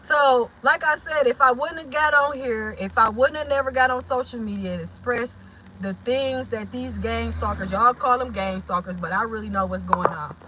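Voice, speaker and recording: A woman hosting her own channel, talking to viewers in an impassioned, preachy way that swings from shouting to low, muttered asides. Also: moderate pace, slight background noise, poor audio. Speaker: channel host. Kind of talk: impassioned livestream talk.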